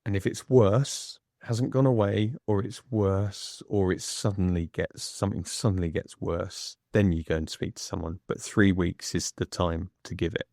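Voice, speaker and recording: A man speaking as a podcast guest in a candid conversation, measured and reflective, pausing between phrases. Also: low-pitched, fairly even intonation, vocal fry, darkish tone, no room sound, clean studio sound.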